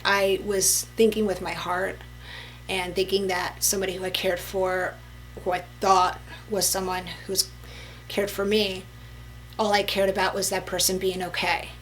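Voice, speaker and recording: A woman's voice: mid-range voice, a bit bright, a little hiss or hum, rough recording. A young woman telling a story in a casual vlog, emphatic and chatty, with many fillers.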